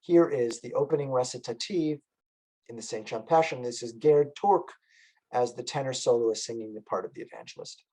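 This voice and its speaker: A man's voice: mid-range voice, fairly quick, dark tone, rough recording. A man lecturing on music at a library event, explaining as he goes and often asking his audience questions.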